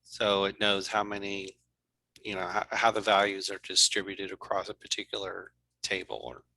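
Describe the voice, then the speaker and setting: A man's voice: sits low, normal speed, creaky, sharp tone, poor audio. A man hosting a meeting, asking questions politely with small restarts. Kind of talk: casual chat.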